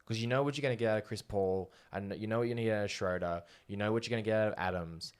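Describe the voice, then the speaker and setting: Deep-voiced Australian man talking sport. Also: racing, clean tone. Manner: confident, makes bold predictions. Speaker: podcast co-host. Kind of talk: casual sports chat.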